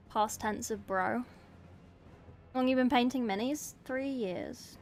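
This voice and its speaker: A woman with a slight New Zealand tinge casually chats with stream viewers, answering them while painting miniatures in a dark room at home at night. Her voice is on the high side, a little mellow and unhurried with long pauses, and she jokes and mocks herself.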